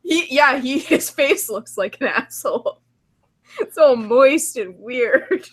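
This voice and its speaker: A woman's voice: sits high, expressive, slow pace. A woman co-hosting a livestreamed talk show, joking crudely and laughing often between lines. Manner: laughs often, swears freely. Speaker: podcast co-host. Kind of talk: crude casual banter.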